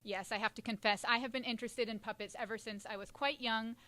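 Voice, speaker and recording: Woman puppeteer answering questions, high and bright, lively, some ums. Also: quick pace. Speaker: puppeteer guest. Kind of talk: interview answers.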